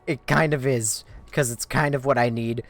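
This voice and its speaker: A man's voice: mid-range voice, fairly even intonation, normal speed, a bit bright. A young man streaming a game, telling a rambling story in casual chat, self-mocking, swearing and laughing between lines.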